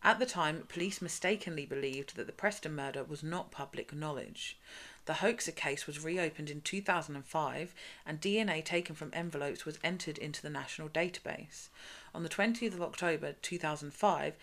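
A woman hosting a podcast, reading crime case notes in a brisk, matter-of-fact way between casual chat. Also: deep voice, fairly bright tone. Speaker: podcast host.

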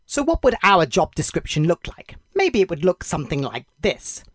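A devotional podcast host telling a story for children in a gentle, clear way. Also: medium pitch, huge pitch swings, normal speed, no echo, studio quality.

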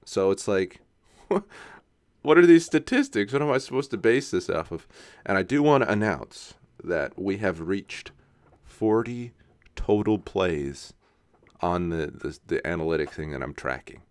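Casual self-mocking man with a smooth, dry voice. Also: low-pitched, expressive, unhurried, no room sound. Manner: casual, self-mocking, laughs often, says "right?" a lot. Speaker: podcast host. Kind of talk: rambling solo podcast monologue.

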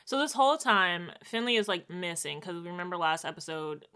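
Bright-voiced woman recapping a show. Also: fairly low pitch, fairly quick, few pauses, clear, resonant tone. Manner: expressive, acts out quotes, slangy. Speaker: podcast co-host. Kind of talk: casual chat recapping a TV episode.

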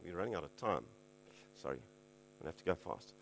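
A man's voice: low voice, very animated, fairly quick, gravelly, a bit bright. A man preaching a casual teaching sermon, conversational, with chuckling asides and frequent checks like "okay".

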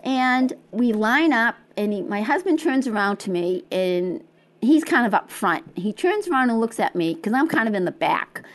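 A high-pitched woman tells her story in an interview, acting out each exchange. She laughs often and her voice swings widely up and down as she talks. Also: lively intonation, moderate pace. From Quincy, Massachusetts. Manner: acts out dialogue, laughs often. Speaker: interview guest, marathon runner. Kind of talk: animated storytelling.

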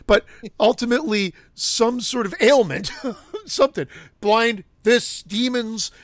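A man co-hosting a casual podcast about films, animated and laughing as he acts out scenes. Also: very high voice, measured pace, no room sound, studio quality. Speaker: podcast co-host. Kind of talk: casual film discussion.

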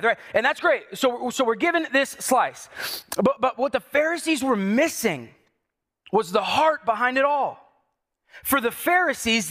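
Man, pastor giving a sermon; high, bright voice, conversational and building to emphatic repeated lines. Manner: conversational preaching with asides to the congregation.

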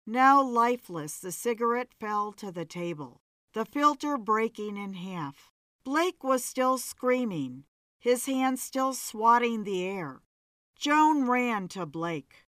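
Rich: A woman narrates a story in a calm, measured way, taking her time over every sentence. Her voice sits a bit high, and the recording is dry and close with no room sound. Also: no echo. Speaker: story reader.

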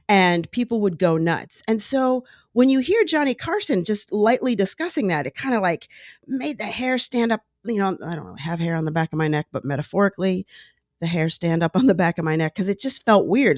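A woman hosting a casual talk show, chatting in a digressive, animated way as she retells an old clip. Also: mid-range voice, normal speed, no room sound, clean studio sound. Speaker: podcast host. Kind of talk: casual monologue commentary.

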